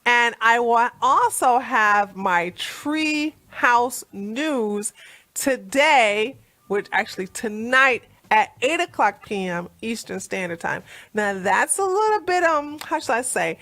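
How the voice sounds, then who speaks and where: A woman hosting a live stream, chatting casually with listeners, laughing and clearing her throat as her voice cracks. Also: fairly high pitch, lively intonation, slow, bright, forceful tone. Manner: chatty, laughing, many fillers and restarts. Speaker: host.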